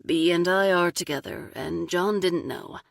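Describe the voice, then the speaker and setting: A man's voice: sits high, a little slow, creaky, dry recording, studio quality. A woman voicing a man who speaks earnestly and directly as he owns up to the truth.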